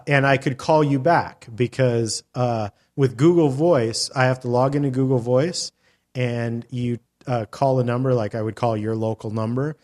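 A man's voice: mid-range voice, a little mellow. A middle-aged man hosting a podcast, telling a long story in casual chat, rambling with lots of fillers and casual swearing. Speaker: podcast host.

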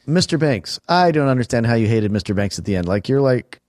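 A man's voice: medium pitch, lively intonation, fairly quick, a little mellow. A man in casual chat about films who laughs easily and pushes back on his friend's opinions. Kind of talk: casual movie review chat.

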